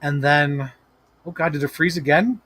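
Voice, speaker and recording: A man hosting a toy-collecting live stream at home, telling stories in a casual, animated way with lots of swearing and laughter. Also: on the high side, normal speed, no room sound. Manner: animated, profane, laughing storyteller. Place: home room with toy shelves.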